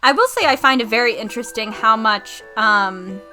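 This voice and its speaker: A woman's voice: on the high side, moderate pace, bright, forceful tone, faint music behind. A young woman streamer chatting casually over gameplay, rambling and self-deprecating.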